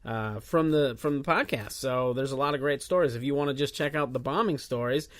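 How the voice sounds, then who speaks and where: A man's voice: medium pitch, brisk. Casual rambling podcast host, man. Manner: casual, rambling, many filler uhs. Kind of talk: solo podcast intro announcements.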